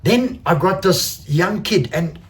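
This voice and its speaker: A man, an enduro racer casually recounting a race, animated, swearing freely and acting out quoted exchanges. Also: high voice, takes it slowly. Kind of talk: casual race recap storytelling.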